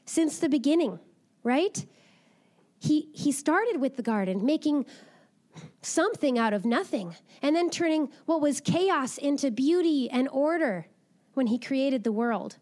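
A woman giving a gentle, reflective devotional talk and reading a children's Bible story aloud. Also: sits high, animated, a little slow. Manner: gentle, reflective, soft-spoken.

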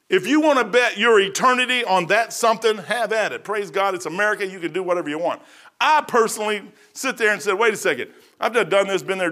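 A man's voice: high voice, sharp tone. A middle-aged man preaching a sermon in a folksy, repetitive way that rises to fervent emphasis.

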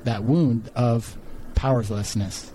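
Man, life-coach guest, earnest and searching, mid pitch, long winding thoughts, faint noise behind. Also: takes it slowly, dark tone, poor audio. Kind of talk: reflective conversational explanation.

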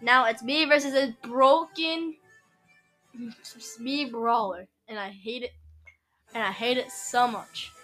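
A woman's voice: fairly high pitch, takes it slowly, long pauses, sharp tone, soft background music, low-quality recording. A woman streaming a fighting game, giving slangy casual commentary and trash-talking her opponent.

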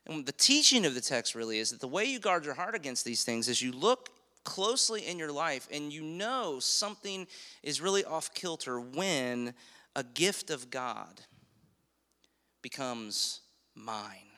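A man preaching a sermon as pastor, emphatic, slowing down on key phrases and asking the congregation questions. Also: on the high side, very animated, pushed and bright, long reverb tail.

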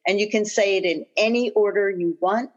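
A woman guest coach of middling pitch guides listeners through affirmations and shares stories from her own life. She repeats short phrases slowly and with earnest care. The audio sounds dull and lo-fi. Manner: slow, earnest repetition of phrases. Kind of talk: guided affirmations and personal storytelling.

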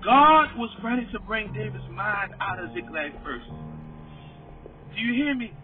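A man preaching a sermon, moving from steady teaching into shouted, tearful exhortation and worship cries. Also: high-pitched, unhurried. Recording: tinny phone-like sound with music behind.

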